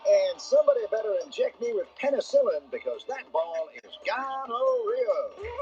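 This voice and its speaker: A man's voice: extremely high pitch, very animated, moderate pace, darkish tone. An actor playing a bombastic male TV baseball announcer who delivers scripted punning home run calls and draws out each punchline. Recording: dull lo-fi TV clip with music.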